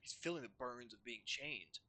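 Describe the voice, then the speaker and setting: Bright-voiced enthusiastic gaming commentator man. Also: medium pitch, moderate pace. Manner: enthusiastic, rambling, excited about the story. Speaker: gameplay streamer. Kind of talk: gameplay commentary. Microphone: streaming microphone.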